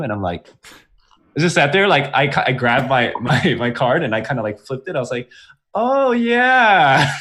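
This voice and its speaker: A man's voice: mid-range voice, fairly bright tone, husky. A young man co-hosting a casual podcast chat, telling a story and laughing often. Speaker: podcast co-host.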